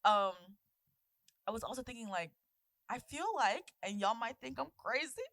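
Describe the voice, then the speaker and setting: A woman in her twenties chats on a podcast in a put-on British accent, rambling through her stories with plenty of fillers. Her voice is bright and forward. The sound is dry and close. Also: fairly high pitch, moderate pace, no room sound. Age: 20s. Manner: rambling, chatty storyteller with many fillers. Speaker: podcast co-host. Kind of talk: casual chat.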